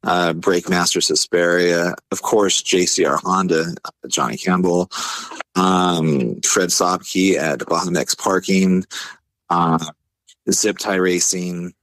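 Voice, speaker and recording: A man telling a story casually, laid-back, full of fillers, acting out quotes in a higher voice. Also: slow, dry recording. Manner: animated, acts out quotes in a higher voice. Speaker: podcast guest.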